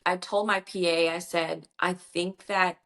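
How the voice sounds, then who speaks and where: A woman's voice: on the low side, unhurried. Chatty author woman, gets emotional. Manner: chatty, emotional, quotes others in animated voices. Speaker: author guest. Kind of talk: casual interview chat.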